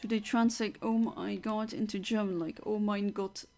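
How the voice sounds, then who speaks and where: A woman's voice: mid-range voice, steady tone, moderate pace, a little mellow, soft background music. A woman from Luxembourg, chatting casually as a streamer and reading out viewer comments, reflective with frequent fillers and restarts.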